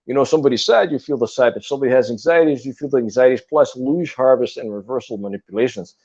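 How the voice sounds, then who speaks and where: A man's voice: mid-range voice, quick pace, a little mellow, muffled recording. A man in casual spiritual talk, speaking in an earnest, repetitive, lecturing way. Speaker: guest on a spiritual talk stream.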